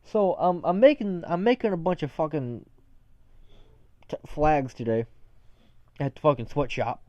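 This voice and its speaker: A young man co-hosting a podcast rants casually and profanely, drifting from one story to the next. His voice sits on the high side with a darkish tone and an unhurried pace, on a dull lo-fi recording with no echo.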